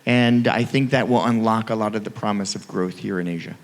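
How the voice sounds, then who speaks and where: A man's voice: on the low side, a little fast. A man speaking on a conference panel, upbeat and conversational. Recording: reverberant conference hall.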